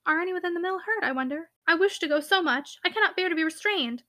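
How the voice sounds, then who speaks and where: A woman reading the part of a tearful young woman in a classic novel audiobook, pleading in a quick, high voice. She sounds emotional and easily upset. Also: pushed and bright.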